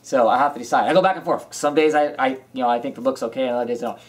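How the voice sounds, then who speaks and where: A man with a medium-pitched voice talks rapid-fire as a podcast co-host in a casual comic book chat. He rambles and hesitates, restarting often, and is recorded on a camera mic.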